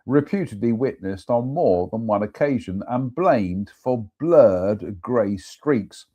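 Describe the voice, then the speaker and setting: Chatty man, mellow voice. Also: fairly low pitch. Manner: chatty, self-mocking asides between readings. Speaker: host reading ghost stories. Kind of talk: casual live-stream reading and chat.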